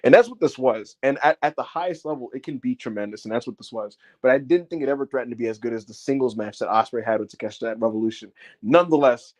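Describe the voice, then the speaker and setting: A man's voice: medium pitch, fast talker, hardly any pauses, no echo. A man co-hosting a wrestling podcast, giving a casual, profane review, laughing often and acting out what people said. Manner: profane, laughing, acts out quotes.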